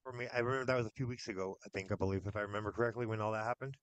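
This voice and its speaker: A man hosting a casual interview, quick and chatty, agreeing and encouraging his guest. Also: fairly low pitch, steady tone, smooth, dry recording.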